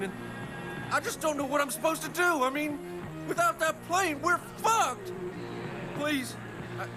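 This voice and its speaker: Brief: a high-voiced, swearing bush pilot, big energetic swings, over loud game score. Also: male voice. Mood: desperate. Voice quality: excitable, swears a lot, shouts. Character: desperate young pilot man, profane. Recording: loud game music behind.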